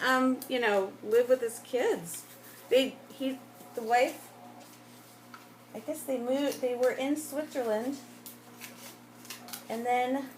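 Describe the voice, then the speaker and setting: A woman's voice: on the high side, a little hiss or hum, poor audio. A woman chatting casually while she scrapbooks, rambling off on tangents and laughing often. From United States. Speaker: scrapbooking vlogger.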